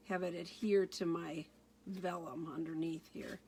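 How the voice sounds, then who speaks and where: A middle-aged woman leads a relaxed crafting demonstration at an unhurried pace, narrating each small step. Her voice sits a little low, with a faint hum of room noise behind her. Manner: chatty, relaxed, talks through each step. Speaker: card-making demonstrator. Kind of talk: casual crafting tutorial.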